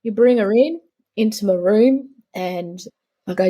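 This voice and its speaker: Middle-aged woman, podcast guest, warm dark tone, husky edge, chatty storytelling. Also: medium pitch, a little slow, highs cut off. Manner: storytelling, acts out her talks with clients. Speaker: guest, pelvic therapist. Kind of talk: conversational podcast interview.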